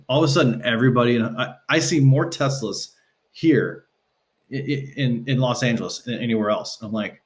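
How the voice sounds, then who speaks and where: Animated man telling stories on a podcast. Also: normal speed. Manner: animated, acts out quotes with shifting pitch. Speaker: podcast guest. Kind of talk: casual conversational storytelling. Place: Los Angeles.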